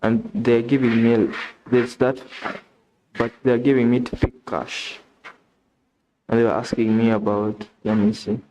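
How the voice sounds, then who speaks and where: A young man with a Ugandan English accent, chatting casually on a live stream, reading messages aloud and thinking out loud with restarts and questions. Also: mid-range voice, little pitch movement, unhurried, pauses often, a little hiss or hum, low-quality recording.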